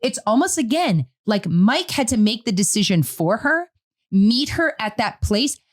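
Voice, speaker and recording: A middle-aged woman co-hosting a casual parenting talk, telling a family story in an animated way and acting out what she said. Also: a little high, unhurried. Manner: animated storytelling, quotes her own words. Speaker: podcast co-host.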